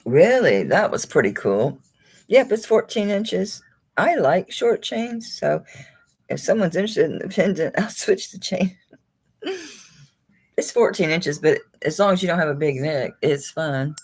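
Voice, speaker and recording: A woman's voice: fairly low pitch, lively intonation, unhurried, darkish tone, slightly rough. A woman hosting a live jewelry auction stream, chatting casually, chuckling and talking to the pieces she holds.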